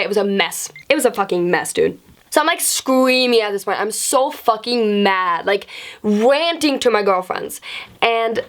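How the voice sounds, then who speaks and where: A young woman telling a casual storytime, animated and rambling, swearing freely and filling with "like". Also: medium pitch. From Sweden. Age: young adult. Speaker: vlogger.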